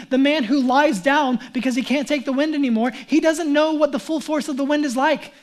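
A man preaching a sermon as a pastor, speaking fervently and emphatically, then closing in a soft, prayerful voice. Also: extremely high pitch.

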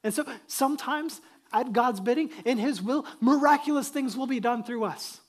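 A man's voice: extremely high pitch, moderate pace. A middle-aged man preaching a sermon as pastor, talking conversationally and building emphasis on key points.

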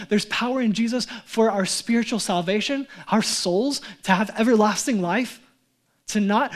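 A man with a high voice preaches a sermon in earnest. He builds to loud, emphatic passages, then drops to soft, low lines. He often restarts a phrase and repeats words as he goes. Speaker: pastor.

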